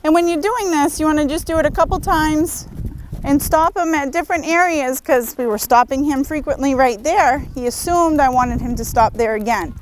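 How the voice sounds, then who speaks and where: A fairly high-voiced woman gives calm, patient lessons as she works a young horse outdoors in an arena. Her instructions come steadily, mixed with soft praise, and hoofbeats sound behind her. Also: normal speed, slight background noise, rough recording. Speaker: horse trainer. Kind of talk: outdoor training demonstration.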